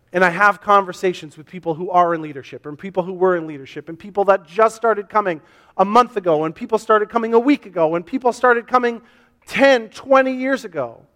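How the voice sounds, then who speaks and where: Fairly quick and fairly bright, this pastor's voice sits high as he preaches in a church sanctuary to a camera for online viewers. He repeats himself earnestly and voices the questions of his listeners, with long hall reverb in the recording.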